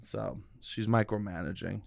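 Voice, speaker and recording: A man's voice: fairly low pitch, measured pace, vocal fry, no room sound, studio quality. A man, co-hosting a podcast and telling stories in casual chat, protesting playfully when teased. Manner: animated storytelling, protests playfully. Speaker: podcast co-host.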